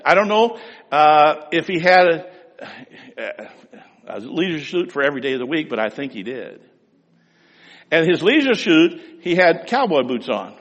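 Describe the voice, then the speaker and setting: A middle-aged man preaches a sermon in a folksy storytelling manner, his voice climbing and dropping animatedly. He sits a little high for a man. The sound carries a long reverb, like a church sanctuary. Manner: folksy storytelling with wide swings in loudness. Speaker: pastor.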